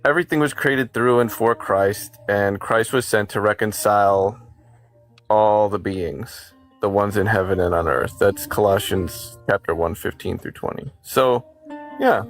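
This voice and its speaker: A man with a somewhat low voice lays out his beliefs in a musing, conversational way on a live stream. He thinks aloud, circling back over his points. Light guitar music plays softly in the background. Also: vocal fry. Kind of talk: casual chat on a live stream.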